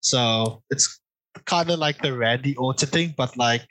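A man's voice: mid-range voice, unhurried, a bit bright, low-quality recording. A man co-hosting a casual podcast, recapping a wrestling match move by move in a loose, chatty way. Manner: loose and chatty, many fillers and repeated "I see". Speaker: podcast co-host.

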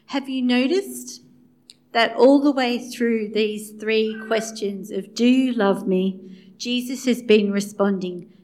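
A woman's voice: mid-range voice, a little slow. A woman preaching a sermon in a conversational way, acting out the quoted dialogue as she goes. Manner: conversational, acts out quoted dialogue with swings in loudness.

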